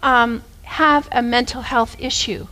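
Woman preacher, storytelling sermon, animated, conversational, fairly high voice. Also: slow pace. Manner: animated and conversational, with big swings between loud and hushed.

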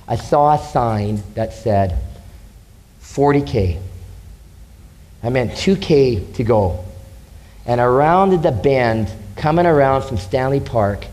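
A man's voice: medium pitch, animated, takes it slowly, pauses often, darkish tone, poor audio. A man preaching a sermon as pastor, passionate and emphatic, repeating key phrases.

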